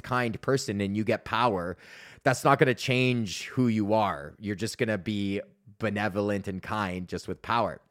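A man's voice: medium pitch, dry recording, clean studio sound. A man in his thirties hosting his own podcast, telling a long stand-up comedy story in a rambling, profane, laugh-prone way. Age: 30s. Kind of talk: casual storytelling monologue.

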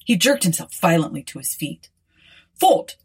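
A woman narrating an audiobook in a wry, expressive storytelling manner. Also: lowish voice, measured pace, slightly rough.

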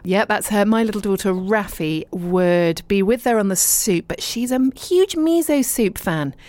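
A woman's voice: mid-range voice, animated, a little slow, dry recording. Bubbly woman presenting local radio. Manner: bubbly, chatty, warm asides. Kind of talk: chatty local radio show. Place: radio studio. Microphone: studio microphone.

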